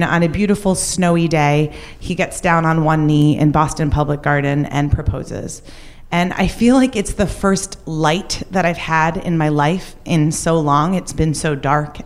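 Candid woman telling a live story. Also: low voice. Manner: candid, confessional, conversational. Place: stage at a live show.

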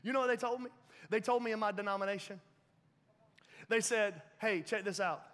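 A man preaching a sermon as a pastor, telling his story in a lively way, acting out voices and laughing along. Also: sits high, brisk. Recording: long reverb of a large hall.

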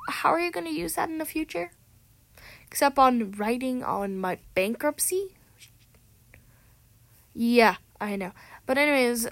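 Here a teenage girl with a voice on the high side delivers a casual to-camera vlog rant, recorded on a tablet mic without echo. She comes across as chatty, dramatic and sarcastic, frequently correcting herself mid-sentence.

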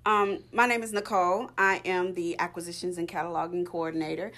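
A woman's voice: fairly low pitch, flat delivery, brisk, a bit bright. A woman co-hosting a library podcast, chatting casually and laughing often in a playful way. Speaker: library cataloging coordinator, co-host. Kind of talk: casual chat.

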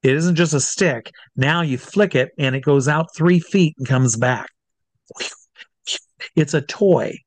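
Man, stage hypnotist guest, lively storyteller, slightly high pitch, dry close sound. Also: takes it slowly, no echo. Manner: animated, acts out quotes of others. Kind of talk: storytelling in a conversational interview.

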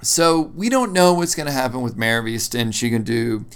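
A man's voice: mid-range voice, animated, moderate pace, smooth. A man from southeastern Pennsylvania with a local accent, co-hosting a podcast in an easygoing, teasing chat. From Lancaster County, Pennsylvania. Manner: easygoing, teasing, with frequent fillers. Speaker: podcast co-host.

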